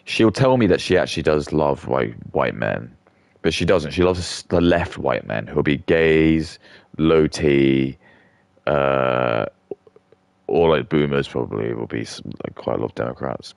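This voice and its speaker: Male gaming streamer, extremely low and gravelly, rambling, crude, dry close sound. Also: lively intonation, a little slow, a little mellow, no echo. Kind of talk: casual commentary while gaming.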